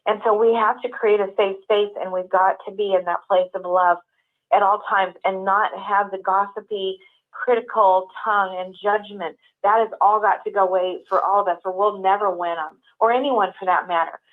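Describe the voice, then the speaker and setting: A woman's voice: medium pitch, steady tone, moderate pace. A woman co-hosting a call-in show, speaking earnestly in long flowing runs. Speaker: co-host. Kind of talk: heartfelt call-in talk. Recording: tinny phone-line audio.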